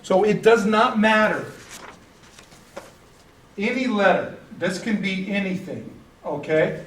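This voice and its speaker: A man's voice: high-pitched, slow pace, slight background noise. A man teaching a casual church class, chatty and self-deprecating, often laughing at himself. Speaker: Bible study teacher. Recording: echoey room, mic at a distance.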